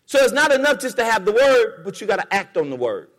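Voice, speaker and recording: A man's voice: sits high, very animated, quick pace, fairly bright tone, big-room sound. A man preaching a sermon in a church, rhythmic and repetitive, calling on the congregation to respond. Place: church sanctuary.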